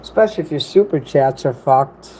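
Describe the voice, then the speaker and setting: A man's voice: on the high side, animated, fairly quick, mellow, slight background noise, low-quality recording. A man hosting a casual livestream from home, reading chat while he eats and rambles in an apologetic way, swearing here and there.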